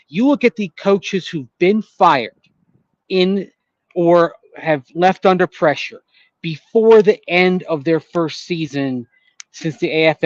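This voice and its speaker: Calm man explaining on sports radio. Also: on the high side, no echo, dull audio. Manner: calm, explanatory, with fillers and restarts. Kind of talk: measured sports talk analysis.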